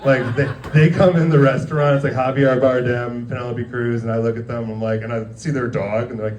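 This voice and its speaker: A man's voice: medium pitch, flat delivery, a little fast, few pauses, darkish tone, distant mic, slight background noise. A man in his thirties doing casual stand-up in a restaurant, rambling and laughing through his stories with lots of "like". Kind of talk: casual stand-up comedy storytelling. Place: dimly lit restaurant, live audience.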